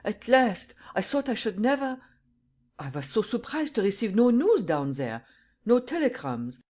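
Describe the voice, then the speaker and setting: A narrator voicing a poor, excitable old German man with a German accent who stammers and splutters in bursts. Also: high voice, measured pace, voice pushed up, heavily acted. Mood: surprised, eager. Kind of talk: audiobook character voice.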